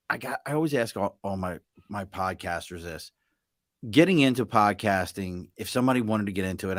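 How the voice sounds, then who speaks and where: A man's voice: lowish voice, dry recording, clean studio sound. A man hosting a podcast in casual chat, joking and self-mocking as he talks. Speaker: podcast host.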